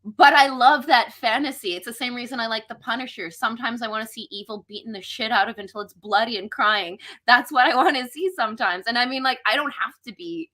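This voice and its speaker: Woman, fairly high pitch, bright tone, profane, animated storytelling. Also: fast talker, hardly any pauses. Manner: profane, animated, acts out quoted people. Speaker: guest filmmaker. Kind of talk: casual podcast chat.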